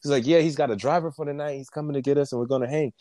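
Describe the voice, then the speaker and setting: A young man co-hosting a podcast, telling a rambling, animated story with laughs and a lot of swearing. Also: mid-range voice, racing, no echo. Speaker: podcast co-host. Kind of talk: casual chat.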